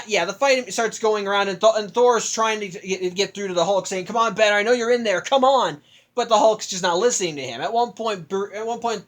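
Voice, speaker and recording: A young man casually recapping a film, rambling with frequent restarts and self-corrections. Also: high-pitched.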